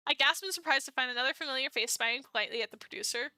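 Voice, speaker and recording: A woman's voice: fairly high pitch, racing, hardly any pauses, sharp tone, clear, resonant tone, no room sound. A young woman streaming, reading a dating game aloud in a chatty, giggly way.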